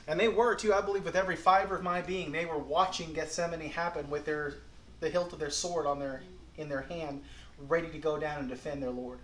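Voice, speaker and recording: A man preaching a morning sermon, earnest and folksy, who swings between quiet reflection and emphatic bursts. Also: a little high, fairly even intonation, a little fast, echoey room, slight background noise. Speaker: pastor.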